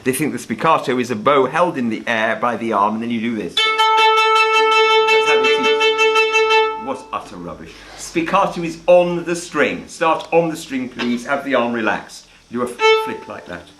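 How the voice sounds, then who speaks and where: A man's voice: medium pitch, lively intonation, moderate pace, echoey room, loud music behind the voice. Blunt, opinionated male violin teacher. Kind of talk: demonstrative violin lesson with playing. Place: indoor room with a door. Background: violin playing between phrases.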